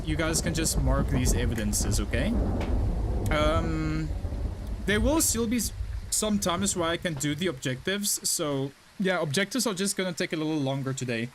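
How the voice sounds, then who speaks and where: Talking to his chat while he plays a horror game on stream, a young man explains what he's doing in a casual, chatty way, with quick asides and laughter. His voice is fairly high-pitched, and there's a little hiss or hum in the audio.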